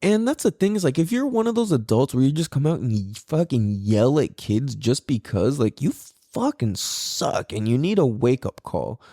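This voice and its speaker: Animated gravelly man telling a story. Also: mid-range voice, moderate pace, few pauses, no echo, studio quality. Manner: animated, profane, laughs often. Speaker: podcast host. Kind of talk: casual storytelling monologue.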